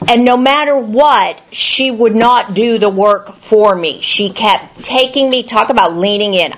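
A woman's voice: medium pitch, a little slow, vocal fry, few pauses, a bit bright. A woman sharing candidly in a group, laughing easily and poking fun at herself as she talks about her sponsor. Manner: laughing, candid, self-mocking.

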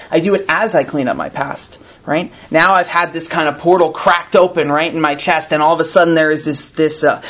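A man's voice: fairly high pitch, a bit bright. Earnest man tagging lines with "right?". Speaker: recovery meeting speaker. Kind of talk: reading aloud and commenting to a group.

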